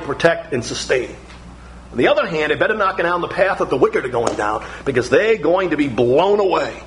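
A man's voice: fairly high pitch, slight background noise, poor audio. A middle-aged man preaching a sermon, emphatic and building through repeated phrases.

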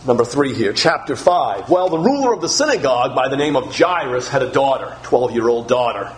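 A man's voice: medium pitch, very animated, a little fast, low-quality recording. A man preaching an expository sermon, emphatic and repetitive, firing off rhetorical questions.

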